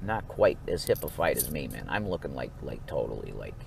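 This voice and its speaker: A man vlogging in a rambling, profane monologue, swinging between low mumbles and sudden outbursts. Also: big pitch swings, brisk, vocal fry, background noise.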